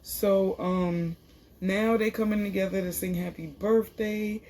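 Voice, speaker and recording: A woman's voice: medium pitch, steady tone, measured pace, darkish tone, slight background noise. A woman casually recapping a reality TV episode in a chatty, slangy way, full of fillers. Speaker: TV show reviewer.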